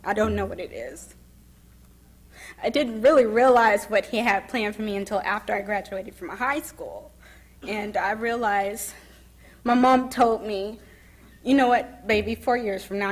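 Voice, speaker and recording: Soft-spoken young woman giving testimony. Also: medium pitch. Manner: soft-spoken and emotional, pausing and restarting. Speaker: speaker telling her story. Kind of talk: personal testimony speech. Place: summit event.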